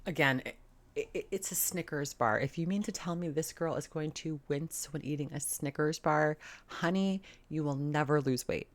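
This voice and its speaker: A woman's voice: deep voice, moderate pace, slight background noise. A woman hosting a reaction video, talking bluntly and sarcastically and swearing often. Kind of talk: casual commentary.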